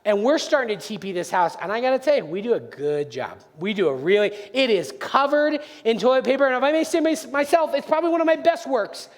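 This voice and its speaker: A man's voice: extremely high pitch, animated, fast, hardly any pauses. A man telling a playful story in a sermon, speaking with animation straight to his listeners. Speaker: preacher. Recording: long hall reverb.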